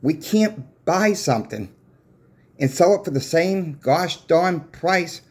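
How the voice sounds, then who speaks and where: A man's voice: fairly high pitch, expressive, slow. A man who runs a coin shop, casually retelling an argument with a customer in a folksy, plain-spoken way, full of repeated "I said" tags. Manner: retells a dispute with many "I said" and "I says" tags. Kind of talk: casual storytelling vlog.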